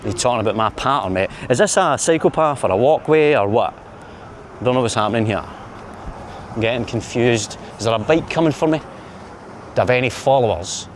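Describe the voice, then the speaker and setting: Out on a busy street, a Glaswegian man records a walking vlog, teasing himself as he rambles along. His mid-range voice is animated and a little quick, captured by the camera mic with some hiss or hum.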